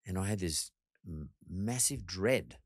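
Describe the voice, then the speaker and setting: A man's voice: low-pitched, lively intonation, slow pace, slightly rough, no echo, clean studio sound. A middle-aged man hosting a podcast, telling a candid story in a blunt, reflective way and swearing freely. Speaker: podcast host.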